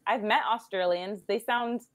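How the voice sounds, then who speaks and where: A young Canadian woman with a Canadian accent, chatting quickly and laughing often as an English tutor on a video call. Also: medium pitch, no room sound. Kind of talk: casual chat on a video call.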